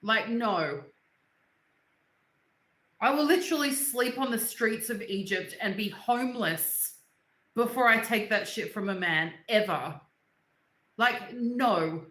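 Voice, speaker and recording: A woman's voice: fairly high pitch, animated, takes it slowly, pauses often, a bit bright. A young woman, talking bluntly and angrily on a casual livestream, swearing and repeating herself. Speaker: livestream host. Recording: echoey room.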